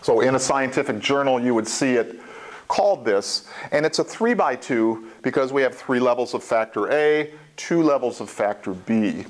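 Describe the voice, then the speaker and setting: A man's voice: medium pitch, expressive, normal speed. A man lecturing a college statistics class in a classroom. He explains step by step in a plain voice and repeats the key points, with small asides along the way. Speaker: statistics instructor.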